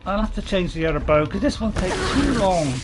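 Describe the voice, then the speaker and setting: A let's-play commentator narrating a tough fight live. The voice swings up and down in pitch, getting exasperated, scolding enemies and laughing at the chaos. A clear layer of noise and game sound sits under the voice. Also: very animated, brisk. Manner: exasperated, talks to enemies, laughing at own panic.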